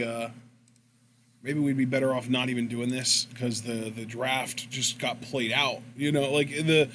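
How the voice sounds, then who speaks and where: A man co-hosting a casual wrestling commentary podcast, chatting in a relaxed way and laughing easily. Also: medium pitch, slight background noise. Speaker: podcast co-host.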